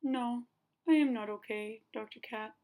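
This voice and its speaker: A woman's voice: on the high side, dark tone. A woman voicing a fretful, dramatic young elephant who keeps stammering and sneezing, in a storybook reading. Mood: upset. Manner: slow, halting, prone to sneezing fits. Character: anxious elephant boy, dramatic and worried.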